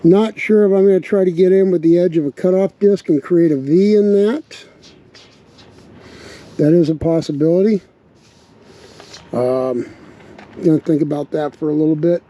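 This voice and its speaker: A man in a relaxed, casual vlog, thinking aloud as he talks through a project outdoors, with a slight bark in his voice. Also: a little high, moderate pace, pauses often. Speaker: RV vlogger building a truck tank. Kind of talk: casual workshop vlog narration. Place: outdoors at a windy campsite. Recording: dull lo-fi outdoor recording with wind noise.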